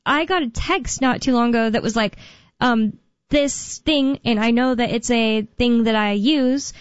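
A woman's voice: fairly high pitch, measured pace, clean tone, no echo, dull audio. A woman co-hosting a talk radio show, chatting casually and rambling with fillers and restarts. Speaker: radio co-host.

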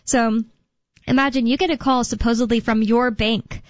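Woman talk radio host, rambling casual chat, fairly high voice, dry dull lo-fi sound. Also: fairly even intonation, normal speed, no echo. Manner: chatty, rambling, laughs often.

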